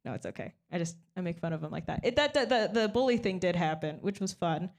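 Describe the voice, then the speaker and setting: A young woman performing a stand-up comedy set, deadpan and self-mocking, often breaking into little laughs. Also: fairly low pitch, fast talker.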